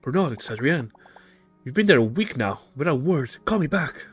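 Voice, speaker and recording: A man's voice: fairly high pitch, very animated, moderate pace, husky, soft background music, voice pushed up. A man voicing the hero's impatient, scolding sister in a video game, reading her lines without much change from his own voice. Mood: exasperated. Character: wealthy, exasperated woman, the hero's sister.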